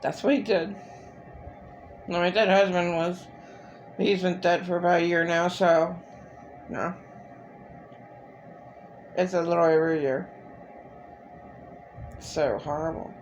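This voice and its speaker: A woman vlogger talking through a personal monologue, halting and restarting often, swearing freely. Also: on the low side, steady tone, dull audio, a little hiss or hum.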